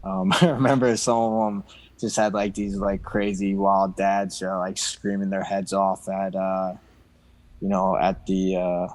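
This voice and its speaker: A man's voice: low-pitched, level tone, a little slow, a little mellow, dry recording. A young man chatting casually as a podcast guest, easygoing with lots of fillers. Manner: easygoing, many fillers and laughs. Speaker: podcast guest, ice cross athlete.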